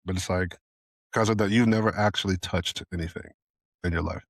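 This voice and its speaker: Deep-voiced laughing male co-host. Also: steady tone, brisk, dry recording. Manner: laughs often, loose and profane, trails off and restarts. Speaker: podcast co-host. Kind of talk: casual chat.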